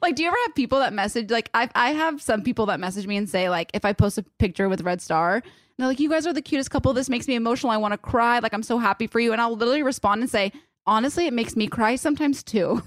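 A woman's voice: fairly high pitch, animated, fast, no echo. A woman in her thirties co-hosting a podcast, bantering playfully and joking at her own expense. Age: 30s. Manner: playful, self-mocking banter. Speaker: podcast co-host. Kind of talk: casual chat.

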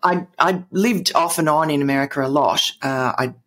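A woman's voice: sits low, normal speed, fairly bright tone. A middle-aged Australian woman, a guest in an interview, telling stories in a rambling way with many fillers and restarts. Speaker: guest columnist. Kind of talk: conversational interview.

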